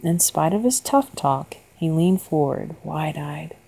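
Brief: woman storyteller, slow and deliberate, low voice with a gravelly rasp. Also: animated, poor audio. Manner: quiet and deliberate. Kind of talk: horror story narration.

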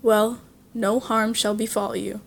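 A woman's voice: on the high side, little pitch movement, takes it slowly, creaky. A fearsome male beast from a fairy tale who speaks with old-fashioned, stately courtesy, read aloud by a woman. His offers are formal and solemn. A faint hum runs behind him.

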